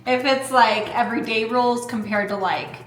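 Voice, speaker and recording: A woman's voice: a little high, normal speed, slight background noise. A woman in her thirties, a mother and channel host, chatting casually while eating and telling stories with lots of "like"s and restarts. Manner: chatty, many likes and restarts, animated storytelling. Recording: echoey room with music behind.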